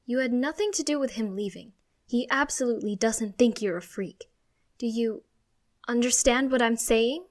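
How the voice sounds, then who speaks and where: A woman's voice: a little high, expressive, unhurried. A woman voicing a loving, emotional mother who speaks in a tender, tearful way. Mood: reassuring.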